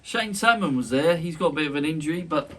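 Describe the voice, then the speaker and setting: A man's voice: on the high side, expressive, fast, a bit bright. Sweary man hosting from a distance. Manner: sweary, boisterous and joking. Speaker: podcast host. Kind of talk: casual banter. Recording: distant mic with faint noise.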